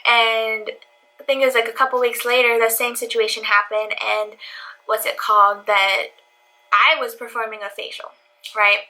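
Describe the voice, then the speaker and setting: Young woman, vlogger, casual storytime, chatty, says "like" a lot, higher pitch, bright voice. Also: rough recording. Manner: chatty, heavy use of "like".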